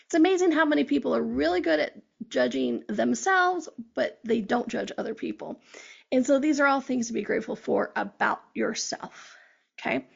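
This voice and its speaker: A woman hosts a podcast in a chatty, encouraging way, often checking in with her listeners. Her voice sits a bit high and is heavily gravelly and husky throughout. The audio is dull and lo-fi. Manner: chatty, encouraging, frequent "um" and "okay?". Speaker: podcast host. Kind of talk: casual motivational podcast talk.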